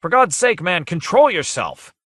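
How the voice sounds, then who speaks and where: A man's voice: on the high side, sing-song, fairly quick, fairly bright tone, dry recording, clean studio sound, voice pushed up, full character voice. A man reading an audiobook, voicing a bewildered ship captain who speaks firmly. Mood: commanding.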